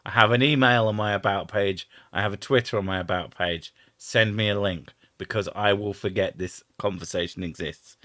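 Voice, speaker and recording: A man's voice: fairly low pitch, steady tone, moderate pace, hardly any pauses, pushed and bright, no room sound, clean studio sound. A young English man from the home counties hosting a casual chat, swearing freely and trying out accents. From England, home counties. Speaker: host.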